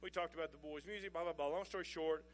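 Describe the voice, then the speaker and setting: A man's voice: fairly high pitch, steady tone, quick pace, slight background noise. A middle-aged man, telling a folksy, chuckling story as a sermon illustration. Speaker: pastor.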